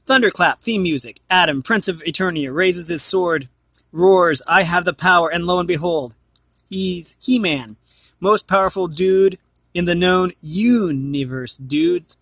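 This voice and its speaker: A man reading a storybook aloud in a put-on Scottish accent, loud and dramatic. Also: high voice, a little slow, dry recording. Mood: booming excited.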